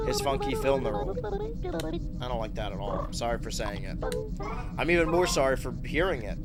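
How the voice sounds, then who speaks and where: A man streaming a video game, chatting casually in a rambling, jokey way that swings between loud outbursts and mutters. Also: mid-range voice. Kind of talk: casual let's-play commentary.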